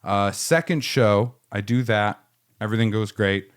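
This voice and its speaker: Low-voiced rambling male podcaster. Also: a little slow, clean tone. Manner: rambling storyteller, swears freely, many fillers. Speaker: podcast co-host. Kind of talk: casual chat. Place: studio.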